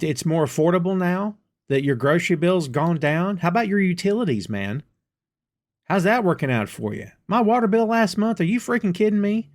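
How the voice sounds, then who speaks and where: A middle-aged man from the United States hosting a solo podcast, talking straight to his listeners in a folksy, exasperated way. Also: on the high side. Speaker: podcast host. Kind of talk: solo political commentary podcast.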